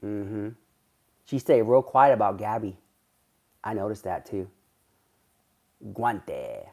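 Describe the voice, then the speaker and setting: A man's voice: on the low side, sing-song, slow pace, darkish tone. A man chatting casually on a livestream, rambling in a gossipy way and answering viewers' comments. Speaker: livestreamer reading chat.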